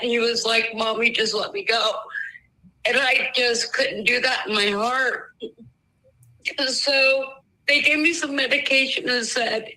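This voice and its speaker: Slow-talking woman caller, bright and close to tears. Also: fairly high pitch, rough recording. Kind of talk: phone-in conversation.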